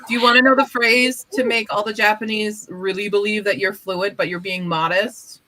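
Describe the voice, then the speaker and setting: Bright, lively woman telling stories. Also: medium pitch, moderate pace, rough recording. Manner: animated storyteller, swears freely, acts out quotes. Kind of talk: casual chat.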